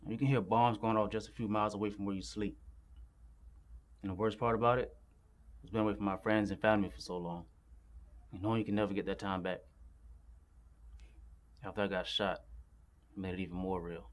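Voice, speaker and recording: Actor as a young veteran, lowish voice, calm, reflective. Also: male voice, brisk, pauses often, lightly acted. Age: young adult. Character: young war veteran back home, Drew. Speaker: army veteran.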